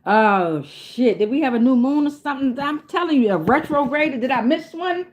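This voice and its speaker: A woman's voice: sits high, expressive, normal speed. A woman casually reading oracle cards for her viewers, rambling, swearing freely and laughing often. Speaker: tarot reader. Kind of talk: casual tarot reading vlog.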